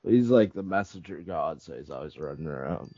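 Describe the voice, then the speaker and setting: A man's voice: very deep voice, animated, brisk, warm tone, dry recording, muffled recording. A man co-hosting a podcast, chatting casually about a video game in short, laid-back replies. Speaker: podcast co-host.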